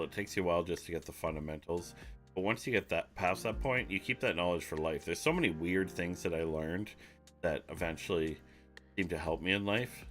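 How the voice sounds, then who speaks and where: A man's voice: sits low, bright, forceful tone. A man streaming live, talking casually and rambling, with jokes and some swearing. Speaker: online marketing streamer. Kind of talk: casual livestream talk.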